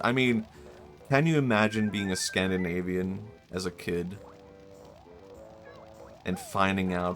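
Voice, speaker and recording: A young man talks casually on his live stream, rambling and laughing at his own bits as he reacts to chat. His voice sits a little low. Faint music plays behind him. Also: fairly bright tone. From Sweden.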